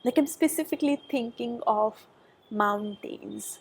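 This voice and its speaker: A woman doing a pick-a-pile tarot reading, chatty and thinking aloud, with soft murmured asides and a nasal voice from a cold. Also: fairly high pitch, unhurried, creaky, slightly rough. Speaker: tarot reader. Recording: background noise.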